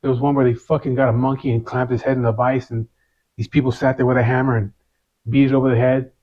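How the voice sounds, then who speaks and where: Male interviewee, mid-pitched, casual slang-heavy storyteller, slightly dull recording. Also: flat delivery, fast talker, a little mellow. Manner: casual street slang, swears, constant "you know". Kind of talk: first-person storytelling.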